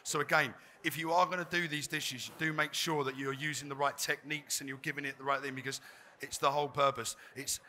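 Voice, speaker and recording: A man's voice: a little high, level tone, fairly quick, few pauses, sharp tone, slight background noise. A man, a chef giving a live cooking demonstration, chatty and self-deprecating. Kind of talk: live cooking demo talk. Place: trade fair demo stage.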